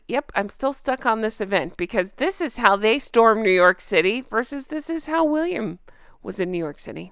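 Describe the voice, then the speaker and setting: Woman host, casual gossip commentary, sarcastic, laughs a lot, smooth voice. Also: on the high side, a bit bright, no echo, studio quality. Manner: reads news articles aloud. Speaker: royal commentary channel host.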